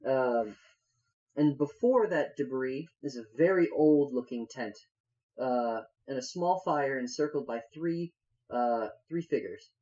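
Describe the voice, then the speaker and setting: A man narrating a tabletop game as game master, halting with many fillers. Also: medium pitch, warm tone, dull audio.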